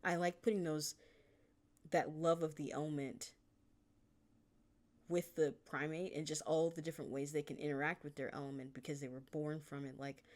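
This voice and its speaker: Woman author with a deep, low voice, chatty and rambling, laughs a lot, casual swearing. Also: darkish tone. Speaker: fan fiction author. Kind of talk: casual chapter discussion.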